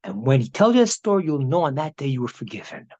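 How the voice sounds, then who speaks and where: A man's voice: mid-range voice, big pitch swings, fast talker, mellow, voice pushed down. A man doing a firm, wise old sage. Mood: earnest. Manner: firm, earnest instructions. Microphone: video call. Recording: dull video-call audio.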